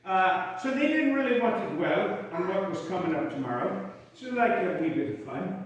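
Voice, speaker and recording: A man with a high, very animated voice performs Civil War stories at a moderate pace for a live audience, folksy and joking between songs. He's heard from far off in an echoey hall, with guitar and dull audio.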